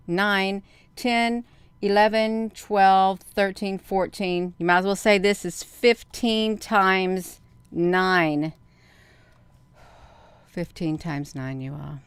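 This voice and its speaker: A middle-aged woman hosting a video, chatting casually to viewers, counting out loud and getting excited. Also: mid-range voice, clear, resonant tone, no echo. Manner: counts aloud, talks straight to viewers. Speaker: video host. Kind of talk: casual screen-share commentary.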